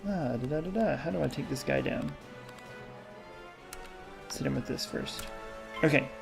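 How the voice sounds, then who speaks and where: A man's voice: on the high side, normal speed, creaky, music in the background. A young man hosting a gaming channel, rambling in casual commentary over gameplay and often losing his train of thought.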